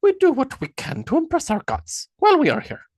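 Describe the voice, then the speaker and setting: A man's voice: very high-pitched, huge pitch swings, fairly quick, a little mellow, no echo, studio quality, pitched above the performer's own voice, full character voice. A man reading an audiobook, voicing a hesitant young Viking who speaks tentatively.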